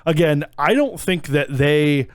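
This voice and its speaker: Higher-voiced man on a dry podcast mic. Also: measured pace, no echo. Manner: rambling, animated storytelling with many fillers. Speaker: podcast co-host. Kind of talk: casual chat.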